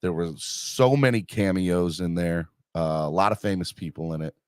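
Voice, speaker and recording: Deep, darkish, clear and resonant, the middle-aged man speaks at a moderate pace in a clean studio with no echo. He hosts a podcast, reading live comments and rambling casually with self-deprecation and frequent fillers and restarts.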